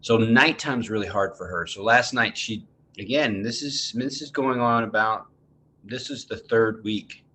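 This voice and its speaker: A middle-aged man teaching mindfulness, speaking in a halting, heartfelt way with many restarts. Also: fairly low pitch, sharp tone, slight background noise. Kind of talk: reflective teaching talk.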